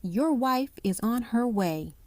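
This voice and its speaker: Composed female nurse, even and measured, woman narrator doing the lines. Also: a little high, no room sound. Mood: calm. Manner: even, professional phone manner. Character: calm, steady female ER nurse.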